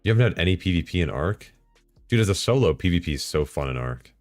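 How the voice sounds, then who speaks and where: A man live-streaming, talking casually to himself and his chat while setting up software, swearing and bursting into excited outbursts. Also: low-pitched, fast, no echo, faint music behind.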